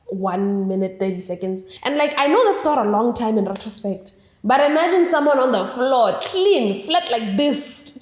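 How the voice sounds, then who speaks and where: A woman's voice: fairly high pitch, darkish tone. A young woman vlogger telling a story in a chatty, light-hearted way, peppered with "like.". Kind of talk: casual storytime monologue. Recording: echoey room.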